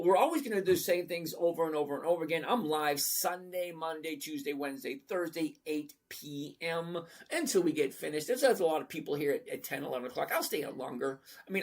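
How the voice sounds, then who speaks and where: A man in his fifties hosting a casual live stream, chatty and jokey as he greets viewers one by one and teaches investing. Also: on the high side.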